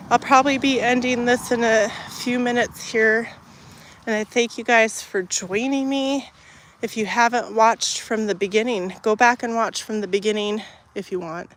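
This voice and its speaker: A woman's voice: fairly high pitch, fairly bright tone, slight background noise. A woman hosting a casual livestream from her garden, filming on a handheld phone and chatting to viewers and her animals. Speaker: livestream host. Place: outdoors in a garden. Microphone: phone held in hand.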